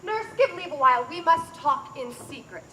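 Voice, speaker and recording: A woman playing a formal, commanding noblewoman mother, with a measured verse delivery in outdoor Shakespeare stage acting. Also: high voice, animated, bright, forceful tone, a little hiss or hum.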